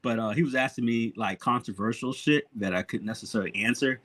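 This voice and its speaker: A man hosting a podcast, telling a story in a casual, animated way, laughing often and swearing freely. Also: mid-range voice, fast talker. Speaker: podcast host.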